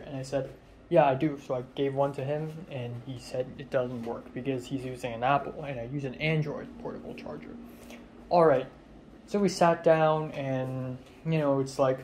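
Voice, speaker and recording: Young male vlogger from Hong Kong, rambling, self-mocking, ordinary mid pitch, faint background hiss. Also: flat delivery, measured pace, a little mellow, rough recording. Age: young adult. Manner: rambling and self-deprecating, many fillers. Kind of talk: casual vlog talk.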